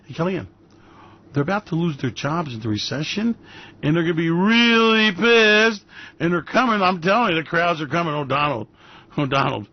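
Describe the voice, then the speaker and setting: A man hosting a radio show, ranting in mocking, brash commentary that breaks into loud bursts and laughter. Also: fairly high pitch, moderate pace, no echo, lo-fi sound. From New York.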